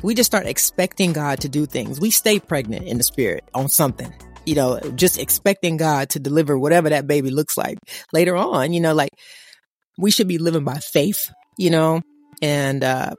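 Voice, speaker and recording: A woman, co-hosting a casual faith talk and preaching in an animated, conversational way. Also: low-pitched. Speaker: podcast co-host.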